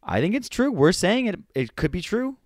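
A man's voice: sits high, sing-song, normal speed, no echo, clean studio sound. A man from Canada co-hosting a comedic sports podcast, bantering playfully. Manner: playful, bantering, swooping delivery. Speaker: podcast co-host.

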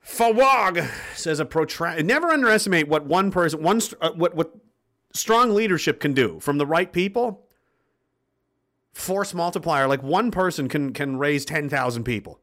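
A man's voice: a little high, animated, moderate pace, a bit bright. A man hosting a livestream, reading viewer comments and ranting in a blunt, swearing, impassioned way. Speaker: livestream host reading chat. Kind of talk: profane political rant to viewers.

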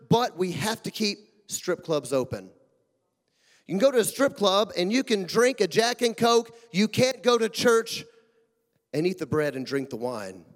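A man preaching a sermon as pastor, emphatic and full of rhetorical questions, swinging between loud and hushed. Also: high-pitched. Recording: long hall reverb.

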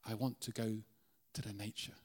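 Irish man doing a quiet low zebra, dreamy, nearly whispering. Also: level tone, normal speed, slightly rough. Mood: longing. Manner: low, hushed, half whispered. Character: wistful male zoo zebra longing for the wild.

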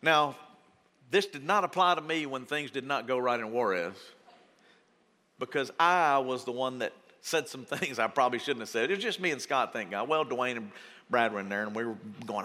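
A man preaching a folksy, joking sermon to his congregation in a large church hall, acting out quoted voices with big jumps in pitch. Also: expressive, a little fast, bright, forceful tone. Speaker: pastor. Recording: long hall reverb.

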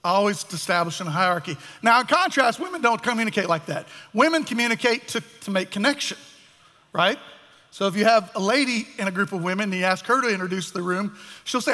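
A man preaching a sermon as pastor, animated and acting out the voices of the people in the story. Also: high voice, fast talker. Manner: animated, acts out voices of biblical figures. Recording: echoey hall.

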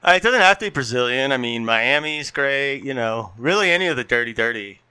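A man co-hosting a podcast, talking loosely and laughing often between half-finished thoughts. His voice is bright and crisp, recorded close and dry. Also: mid-range voice, expressive, brisk, no echo. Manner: laughs often, trails off and restarts mid-story. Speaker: podcast co-host. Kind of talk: casual chat.

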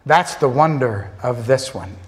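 A man preaching a sermon to his congregation, asking rhetorical questions, voicing their doubts, and slowing to drop soft on key words. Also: mid-range voice, animated. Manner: slows and drops soft on key words for emphasis. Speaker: pastor.

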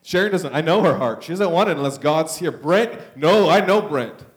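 Impassioned male pastor, slightly high voice. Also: lively intonation, moderate pace. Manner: emotional, swings between loud urging and soft hushed talk. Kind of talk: charismatic Pentecostal sermon. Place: church.

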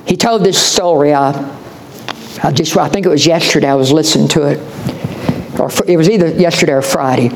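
A man's voice: a little high, brisk, a little hiss or hum, rough recording. A man preaching a sermon as pastor, impassioned, folksy and repetitive.

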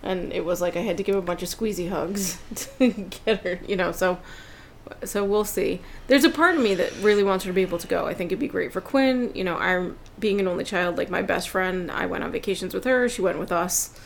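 A woman guesting on a podcast, with a gravelly, creaky edge to her voice and faint background noise. She talks chattily and often laughs through her sentences. Her pitch is ordinary for a woman. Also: a little fast. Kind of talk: casual chat.

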